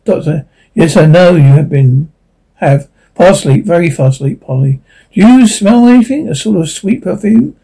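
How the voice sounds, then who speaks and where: A man reading the part of the Doctor, an eccentric, curious man, in a brisk conspiratorial way. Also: a little high, animated, vocal fry, warm tone, slightly rough, heavily acted, low-quality recording. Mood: earnest.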